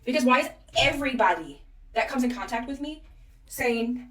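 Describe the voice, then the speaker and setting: A woman's voice: fairly high pitch, expressive, normal speed, a bit bright, far from the mic. A woman in her twenties telling a personal story with indignation, acting out the people in it. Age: 20s.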